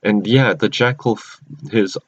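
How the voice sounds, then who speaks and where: A man's voice: lowish voice, unhurried. A man casually recapping cartoon episodes, rambling and often restarting or correcting himself mid-sentence. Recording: dull lo-fi recording.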